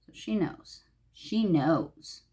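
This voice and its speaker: A woman's voice: lowish voice, lively intonation, very slow, dark tone. A woman from Los Angeles gushing and talking to herself as she chats casually through a makeup tutorial. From Los Angeles, California. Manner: gushing, talks to herself while applying makeup. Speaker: beauty vlogger.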